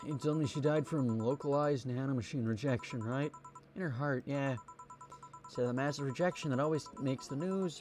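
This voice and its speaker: A streamer reading game dialogue aloud, stumbling and restarting now and then. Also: male voice, medium pitch, a little mellow.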